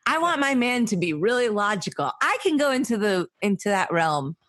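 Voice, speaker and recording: A woman's voice: medium pitch, sing-song, normal speed, fairly bright tone. A woman podcast host with a New Jersey accent, asking direct questions and teasing her guest in casual chat.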